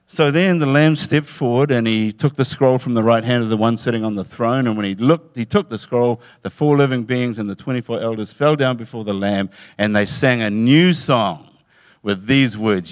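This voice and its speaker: Guy preaching a sermon, acts out the story in voices, mid-pitched, dry close sound. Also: normal speed, no room sound. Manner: animated storytelling, acting out voices with laughs.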